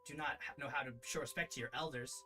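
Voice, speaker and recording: A man's voice: a little high, fairly even intonation, racing, natural voice. Man doing a haughty ancient fire goddess. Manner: grandiose, scolding, formal speech.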